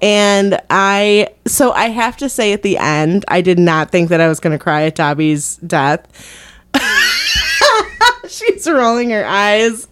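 A woman's voice: medium pitch, animated, slow pace, clean tone, no echo. A woman co-hosting a podcast in casual chat, rambling through stories and laughing often. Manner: giggly, rambling storyteller. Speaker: podcast co-host.

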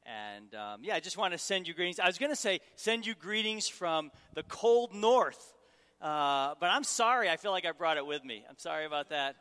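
A middle-aged man delivers a sermon as a guest preacher, teasing the crowd and drawing it in with questions. His voice sits a little high and rings bright and forceful. A long reverb from a large hall trails after every phrase. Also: sing-song, fast talker, few pauses, smooth. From Syracuse, New York. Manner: humorous, engaging the audience.

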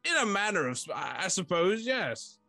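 A shy, lonely fort speaks in a genteel, stammering way, high and lilting, as a man puts it on in a tabletop game. The voice rises and falls a lot. The sound is dry and close, with faint music behind. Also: very animated, moderate pace, gravelly, pushed and bright, no room sound, heavily acted. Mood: wistful. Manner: genteel, old-fashioned, stammering. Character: lonely, shy talking fort, polite and fussy.

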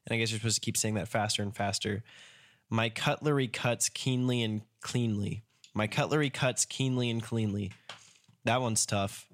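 A man's voice: lowish voice, fairly even intonation, normal speed. A man co-hosting a casual podcast, reading tongue twisters aloud and coaching his partner through them. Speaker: podcast co-host leading the exercises.

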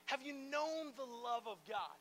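A man preaching a sermon to a church gathering in an animated, conversational way, with playful asides and lots of "like" fillers. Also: very high-pitched, a little slow, slight background noise. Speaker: pastor. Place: church gathering in a large room.

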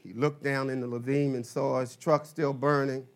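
A male pastor preaching a sermon, telling a story slowly and dramatically, swinging between loud and soft. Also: medium pitch, level tone. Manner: slow dramatic storytelling with big swings in loudness.

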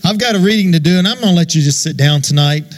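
Casting: male preacher, fairly high voice, folksy and unpolished, sanctuary mic from a distance. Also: quick pace. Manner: folksy, loose, with fillers and amens. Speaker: guest preacher. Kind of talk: sermon with a told joke. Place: church sanctuary.

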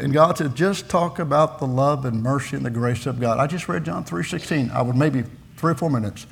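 A man in his sixties, a missionary preaching a folksy sermon in a church, telling personal stories and building to loud, fervent peaks. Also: fairly high pitch, a little fast, vocal fry. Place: church sanctuary.

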